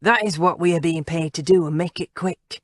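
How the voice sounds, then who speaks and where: Woman doing a gravelly hired killer. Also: fairly high pitch, normal speed, no echo, close to an everyday voice. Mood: cold. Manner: cold, curt orders. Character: gravelly ruthless male hired killer leader.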